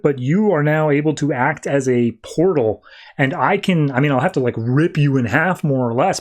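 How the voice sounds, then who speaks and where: A man voicing a grandiose male sorcerer in a casual comic-book recap. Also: a little mellow. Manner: casual paraphrase, raised pitch.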